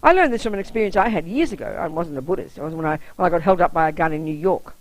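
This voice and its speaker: A woman's voice: fairly low pitch, animated, racing, no room sound, rough recording. A woman who is a Buddhist nun giving a public dharma talk, telling a personal story bluntly and often checking that the audience understands.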